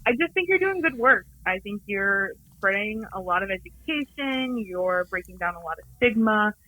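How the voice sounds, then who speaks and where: A woman's voice: mid-range voice, expressive, normal speed, pushed and bright, no echo, low-quality recording. A woman leaving an earnest voicemail for a podcast, with many filler ums. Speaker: voicemail caller. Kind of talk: recorded voicemail message.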